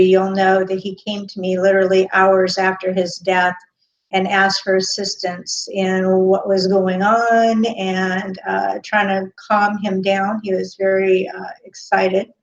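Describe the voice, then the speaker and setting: A woman speaks slowly and off the cuff as a medium on her live stream, with many pauses and fillers. She greets chat viewers by name between her thoughts. The sound is dull and lo-fi, like a webcam mic indoors. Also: medium pitch. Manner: hesitant, with frequent pauses and fillers. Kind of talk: unscripted live-stream talk. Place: indoor room.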